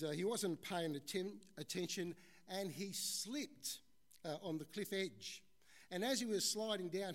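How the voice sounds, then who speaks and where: Guy preaching a sermon, chatty, kinda higher voice, calls everyone folks. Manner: conversational, addresses the congregation as folks, tells stories.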